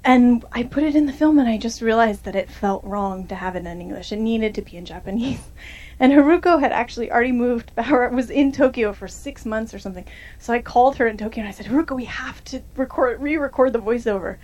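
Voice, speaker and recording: A woman's voice: fairly high pitch, fairly quick, darkish tone, highs cut off. A young woman filmmaker answering audience questions after a screening, in a chatty way full of fillers and restarts.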